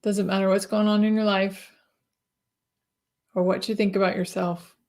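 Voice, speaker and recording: Female host, gentle, inviting, emotional; video-call interview. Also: medium pitch, flat delivery, normal speed. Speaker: podcast host. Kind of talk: warm-hearted interview chat.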